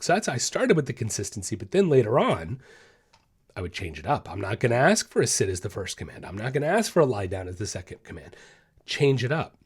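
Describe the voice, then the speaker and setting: Animated male dog-training podcast host. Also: mid-range voice, husky. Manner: animated, emphatic, repeats phrases for stress. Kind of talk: casual podcast talk.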